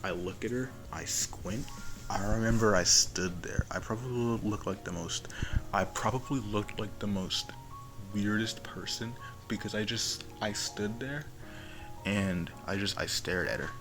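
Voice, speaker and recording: A man's voice: on the low side, unhurried, music in the background, rough recording. A young man telling a casual story-time tale, rambling and profane with lots of fillers and restarts. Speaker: vlogger.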